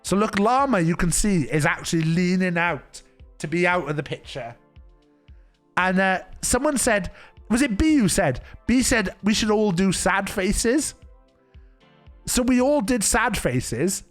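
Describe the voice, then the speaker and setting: Male streamer, casual storytelling, rambling, laughing, a bit high-pitched, soft music behind. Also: very animated, a little slow. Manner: rambling, laughing, self-interrupting anecdotes.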